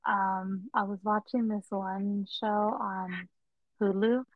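A woman co-hosting a podcast chats casually at a slow, unhurried pace. She laughs easily and acts out the voices of the people in her stories. The recording is dry and close, with no room sound. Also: medium pitch, steady tone, dry recording, narrow, tinny audio. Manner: chatty, laughs often, acts out quoted voices. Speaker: podcast co-host.

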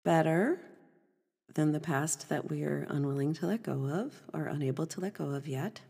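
A woman hosting a podcast, giving a gentle motivational talk, soft and often dropping to a breathy half-whisper. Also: low voice, moderate pace, big-room sound. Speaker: podcast host.

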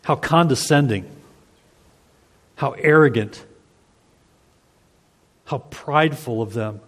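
A man's voice: mid-range voice, takes it slowly, a bit bright. A man preaching an expository sermon, earnest and emphatic, reading scripture aloud and explaining it to the congregation. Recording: long hall reverb.

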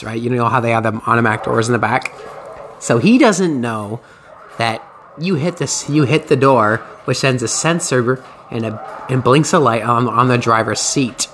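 A man's voice: mid-range voice, fairly bright tone, slight background noise. A man hosting a podcast, telling a story in casual, profane, rambling chat. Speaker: podcast host.

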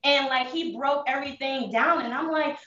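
A young woman candidly telling her hard life story in street slang, with halting restarts, holding back tears. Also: high-pitched, sharp tone, roomy sound, recorded from a distance, highs cut off. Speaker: interview guest. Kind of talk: emotional personal testimony.

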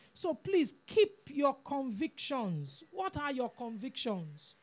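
A woman's voice: high voice, a little mellow. A woman preaching a sermon, earnest and pleading, repeating words for emphasis.

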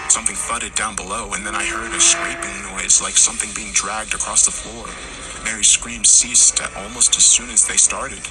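A man narrating a horror story, acting out the characters' lines and rising to shouts in tense moments. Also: fairly low pitch, flat delivery, normal speed, poor audio. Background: music.

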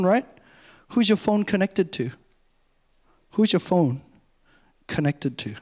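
High-voiced man preaching a sermon. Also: darkish tone. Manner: conversational, self-mocking, varies pace a lot. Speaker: pastor.

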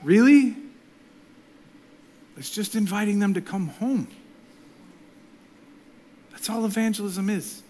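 A middle-aged male pastor preaching a sermon, swinging between loud emphasis and soft, near-whispered passages. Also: high-pitched, measured pace, pauses often.

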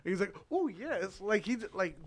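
A man's voice: high-pitched, fairly even intonation, quick pace, fairly bright tone. Rambling, profane young man telling a story. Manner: rambling, profane, filler-heavy, laughs often. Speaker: podcast co-host telling a story. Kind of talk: casual storytelling chat.

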